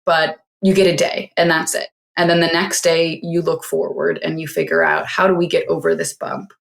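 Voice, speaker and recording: A woman in her forties with a very low, gravelly voice full of vocal fry speaks as a podcast guest. She gives practical advice in a reflective, casual way, with many fillers. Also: level tone, normal speed. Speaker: tech CEO guest. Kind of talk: casual interview chat.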